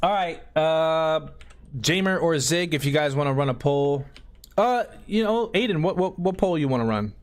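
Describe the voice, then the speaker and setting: Animated slangy man streaming a game. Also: on the high side, moderate pace. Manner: loose, rambling talk to chat with slang and restarts. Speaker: gaming streamer. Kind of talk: casual live-stream chat while playing. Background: soft background music.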